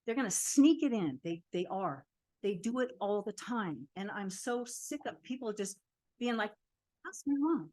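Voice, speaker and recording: A woman giving a public comment at a city council meeting, telling an animated, indignant story. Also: mid-range voice, normal speed.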